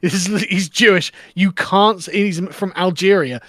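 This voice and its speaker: A man with an English accent chats bluntly as a livestream guest, stumbling over repeated words before he finds his point and chuckling often. His voice sits a little high. It is recorded close and dry, with no room sound. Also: a little slow, a bit bright, no echo. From England. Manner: stammering restarts, chuckling, blunt. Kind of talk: casual chat on a livestream.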